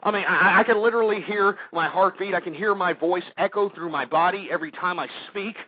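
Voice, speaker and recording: A man's voice: sits high, a little fast, no room sound. A man hosting a call-in radio show from his attic, intoxicated and panicking, rambling frantically and swearing. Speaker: radio talk show host. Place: attic at home. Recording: dry, muffled lo-fi broadcast.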